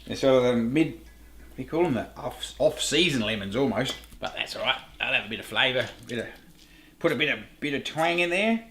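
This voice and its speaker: A man's voice: medium pitch, lively intonation, a little fast, a bit bright, reverberant, a little hiss or hum. A middle-aged Australian man hosting a home cooking show, chatting casually to camera, rambling, laughing at himself and swearing lightly.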